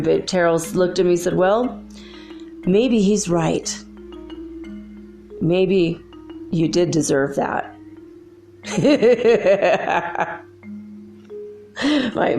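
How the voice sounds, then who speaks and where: A middle-aged woman hosting a show, telling a ghost story in a casual way, laughing often and acting out the voices of the people in it. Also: mid-range voice. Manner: animated, laughs often, acts out quoted voices. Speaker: podcast host.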